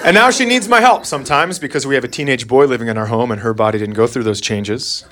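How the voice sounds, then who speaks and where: A man's voice: mid-range voice, fast talker. A man in his forties doing a crude, blunt stand-up set on a comedy club stage. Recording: live club with loud crowd. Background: loud audience laughter.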